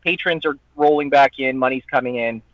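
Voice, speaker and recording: A man's voice: mid-range voice, brisk, no echo. A man, a guest who makes online content, chatting on a podcast in a heated, profane, ranting way and mimicking people in mocking voices. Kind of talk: casual podcast chat. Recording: dull lo-fi dry audio.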